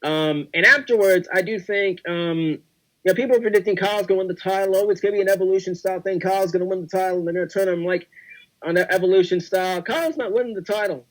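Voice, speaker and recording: Excitable young man hyping wrestling. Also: high voice, fast, poor audio. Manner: excitable, repetitive hype talk. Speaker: podcast co-host. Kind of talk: casual podcast chat.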